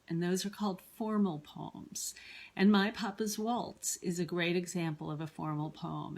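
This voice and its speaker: A woman teaching a classroom poetry lesson, explaining patiently with frequent ums and pauses. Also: low-pitched.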